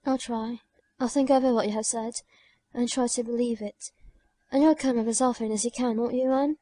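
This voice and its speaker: A woman reading an audiobook voices a frail, dying young woman who pleads tearfully and haltingly. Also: a little high, steady tone, warm tone, close to an everyday voice. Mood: softly confiding.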